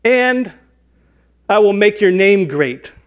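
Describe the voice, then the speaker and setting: A man's voice: high-pitched, animated, slow pace, pitched above the performer's own voice. A man voicing the Lord speaking to Abram, declaiming scripture in a put-on accent during a sermon. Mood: proclaiming. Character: the Lord speaking, grand booming male deity.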